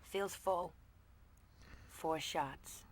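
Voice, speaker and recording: An actress voicing a stranded woman survivor who mutters flat, matter-of-fact counts of her remaining shots over game audio. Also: fairly low pitch, very slow, a little hiss or hum. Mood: muttered counting. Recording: game audio with loud gunfire. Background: gunshots.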